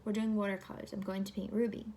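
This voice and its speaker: A woman's voice: mid-range voice, level tone, fast, dark tone, slight background noise, close to an everyday voice. A woman reading aloud as a caring, worried young girl from a children's book. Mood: earnest. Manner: earnest, pleading.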